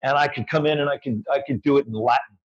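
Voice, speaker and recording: A man chatting casually on a podcast, telling animated, profane stories with emphatic bursts. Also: mid-range voice, fast, lo-fi sound. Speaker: podcast co-host, actor. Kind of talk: casual chat.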